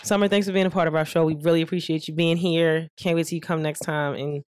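A podcast host chatting loosely with guests. They tell stories with energy, jumping into the voices of family members. The pitch sits in an everyday middle range. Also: fast, clean tone. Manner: animated storyteller, acts out family quotes. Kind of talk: casual chat.

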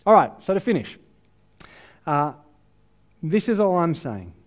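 An Australian man preaching a sermon, telling a self-deprecating story in a lively, chatty way. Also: a little high, measured pace. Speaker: pastor. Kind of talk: sermon with personal anecdote.

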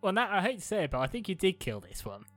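A woman playing a tabletop game, with wry, deadpan asides in and out of character. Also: fairly low pitch, quick pace, faint music behind. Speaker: player.

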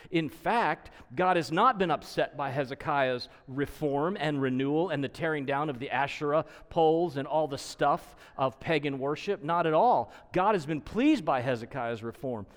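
A male preacher works through a scripture passage in an expository sermon, emphatic and explanatory. He repeats key points for stress. His slightly high voice rings with a long reverb. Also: expressive, moderate pace.

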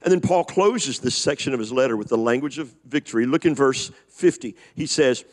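A man preaching a sermon, reading scripture and slowing down on key phrases for emphasis. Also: mid-range voice. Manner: animated preaching, slows for emphasis. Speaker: pastor.

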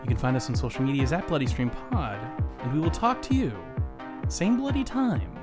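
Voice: mid-range voice, big pitch swings, fast talker, music in the background. A podcast co-host in casual chat who jokes, swears and laughs a lot. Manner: laughing, joking, profane.

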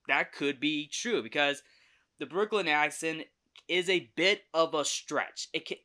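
A man's voice: a little high, pushed and bright, clear, resonant tone. A young man hosting a podcast, chatting casually through a movie trailer review, often correcting himself and laughing easily.

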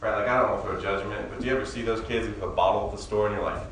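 A man preaching a sermon as a pastor, in a relaxed, conversational way, telling stories with humor. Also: fairly low pitch, rapid-fire, slight background noise. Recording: very echoey room, mic far off, faint ambience.

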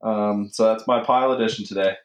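A man's voice: fairly low pitch, fairly even intonation, brisk, echoey room, dull audio. A man co-hosting a casual podcast, laid-back and swearing in banter. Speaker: podcast co-host.

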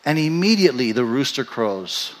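A male pastor preaches a sermon at normal speed, telling the story animatedly and acting out the quoted voices. For reflective moments he drops soft and low, and the recording carries a long hall reverb.

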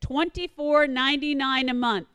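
In a devotional talk resembling a sermon, a woman recounts something from her own life, voicing quoted remarks with animation and hammering points home through repetition. Her voice is high and her pace normal; the recording is dry but has a big-room sound.

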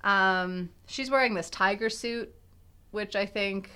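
A woman's voice: mid-range voice, takes it slowly, bright, forceful tone, smooth. A young woman co-hosting a podcast, thinking aloud in casual analytical chat with many fillers and restarts. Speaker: podcast co-host.

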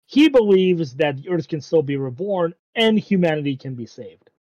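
A man with a slightly high voice recaps an anime plot in loose, rambling chat, full of ums and offhand swearing. The sound is dry and a little dull, like a lo-fi mic. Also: sing-song, moderate pace, darkish tone, dry recording.

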